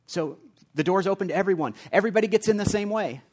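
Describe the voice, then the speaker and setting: A man preaching a sermon, earnest and conversational, moving between quiet reflective passages and emphatic repeated lines. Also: sits high, fast talker. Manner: earnest, builds from quiet asides to emphatic repetition. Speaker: pastor.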